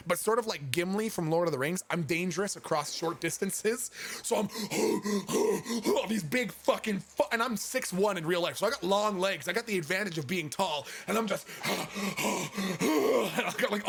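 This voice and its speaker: A man's voice: high voice, brisk, fairly bright tone. A young man, a streamer, telling a funny story in a casual, profane, self-mocking way.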